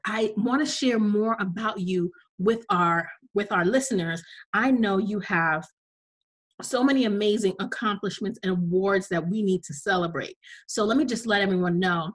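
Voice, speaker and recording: A woman's voice: mid-range voice, slightly rough, low-quality recording. A woman hosting an interview podcast, enthusiastic and effusive, with a slight cough. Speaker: podcast host.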